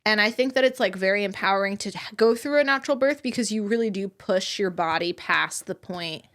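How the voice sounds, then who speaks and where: A young woman co-hosting a podcast, telling a story in a blunt, animated way, swearing freely. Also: mid-range voice, a little fast. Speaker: podcast co-host. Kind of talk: casual chat.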